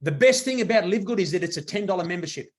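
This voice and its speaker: A man giving an enthusiastic motivational sales pitch to a live audience, repeating himself for emphasis. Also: expressive, quick pace. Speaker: presenter at a business meeting.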